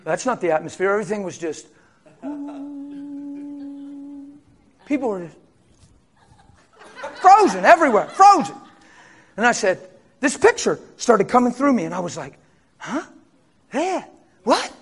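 A man preaching a sermon as pastor, swinging from hushed storytelling to loud, fervent shouting. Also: extremely high pitch, very animated, measured pace, long pauses.

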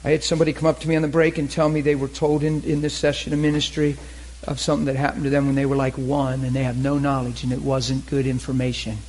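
At medium pitch and a fast clip, a man delivers a storytelling sermon, chatting conversationally and becoming animated, laughing and shouting at the peaks. The audio is poor.

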